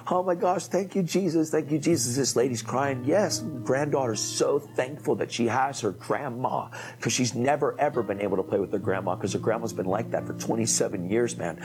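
A man preaching, telling an animated testimony story and acting out the people in it. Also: on the low side, rough recording. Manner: animated storytelling, acts out quoted voices. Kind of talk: emotional testimony.

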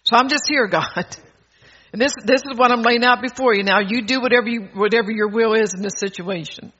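A man's voice: very high-pitched, brisk, sharp tone. An older man preaching a sermon, bold and exhorting, chuckling between phrases, on a dull lo-fi recording.

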